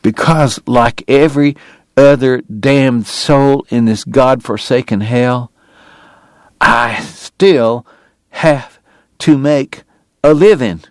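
A man's voice: mid-range voice, dry recording, close to an everyday voice. Man reading as a bitter, sickly dentist. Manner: slow, bitter, quietly precise. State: coughing illness, strained breath. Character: bitter consumptive male dentist, sardonic, weary.

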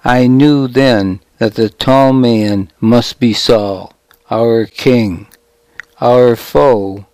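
A male narrator reads a first-person story with a measured, dramatic delivery. He takes his time over every phrase, and the recording is close and dry. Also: medium pitch, fairly even intonation, a little mellow, clean tone, no room sound, low-quality recording. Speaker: audiobook narrator.

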